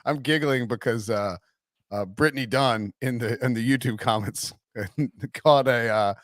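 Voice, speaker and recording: A man hosting a casual sports podcast, chatty and quick to laugh as he talks. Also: medium pitch, dry recording, clean studio sound. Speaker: podcast host.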